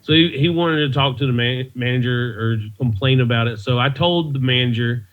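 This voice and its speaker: A man's voice: mid-range voice, a little fast. Easygoing comedian man on a video call. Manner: easygoing, rambling, laughs at own stories. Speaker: comedian, podcast guest. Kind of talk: casual storytelling interview. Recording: muffled video call audio.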